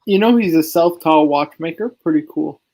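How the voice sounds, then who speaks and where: A man's voice: fairly high pitch, moderate pace, warm tone, no room sound. A man chatting eagerly as a guest on a casual livestream show.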